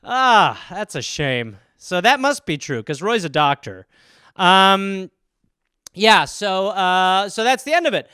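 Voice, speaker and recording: A man's voice: high voice, sing-song, takes it slowly, bright, forceful tone, clear, resonant tone, no echo, clean studio sound. A man hosting a casual livestream, rambling through plugs and then singing made-up rhymes to his cat. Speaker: podcast host.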